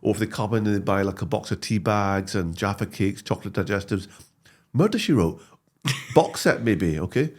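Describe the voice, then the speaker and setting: Animated man telling stories. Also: on the low side, moderate pace. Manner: animated storytelling with frequent restarts. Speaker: guest, comedy actor and writer. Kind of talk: casual interview chat.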